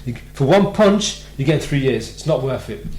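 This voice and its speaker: Animated British man telling a story on the radio. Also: medium pitch, normal speed, reverberant, poor audio. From Britain. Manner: animated storyteller, acts out quoted voices. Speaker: radio show host. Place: radio studio.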